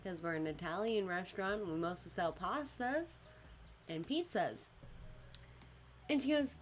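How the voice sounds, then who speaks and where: Lively young woman telling work stories. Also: measured pace, long pauses, slight background noise. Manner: animated storyteller, acts out customers in high voices, laughs often. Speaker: podcast host. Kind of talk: casual chat.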